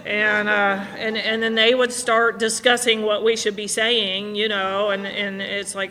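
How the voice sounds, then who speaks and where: A woman's voice: mid-range voice, flat delivery, a little slow, hardly any pauses, pushed and bright. A middle-aged woman telling her story to a recovery meeting, candid and self-mocking. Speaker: speaker sharing at a recovery meeting. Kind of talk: personal story talk. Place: conference hall. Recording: live hall recording with long reverb.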